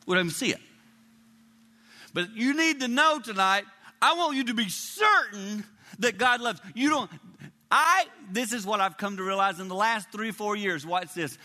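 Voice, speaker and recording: A man in his sixties preaching a sermon to a congregation, emotional, dropping to hushed whispers and rising to high cries. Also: expressive, normal speed, long reverb tail. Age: 60s. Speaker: traveling preacher. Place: large hall with a live congregation.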